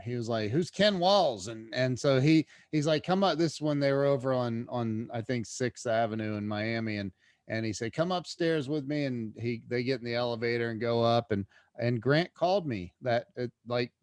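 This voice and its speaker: Male podcast guest, mid-range voice, excitable storyteller who stumbles and restarts, dry close recording. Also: mid-range voice, no echo. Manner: animated, many restarts, swings loud when excited. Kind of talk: casual storytelling interview.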